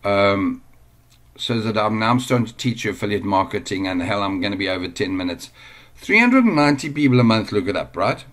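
A man with a low-pitched voice talks through a casual screen-share tutorial at home. He rambles and goes off on tangents. He sounds easily amused as he teaches. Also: expressive, brisk, a bit bright. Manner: chatty, digressive, easily amused. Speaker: online business trainer.

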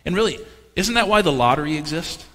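A man's voice: on the high side, lively intonation, fast talker, pushed and bright. A man preaching a sermon as pastor, talking conversationally and tossing rhetorical questions and jokes to the congregation. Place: church sanctuary. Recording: long reverb of a church hall.

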